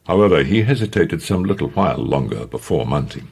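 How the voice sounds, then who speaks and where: Deep dramatic male audiobook narrator. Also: brisk, creaky, slightly rough. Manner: expressive, dramatic.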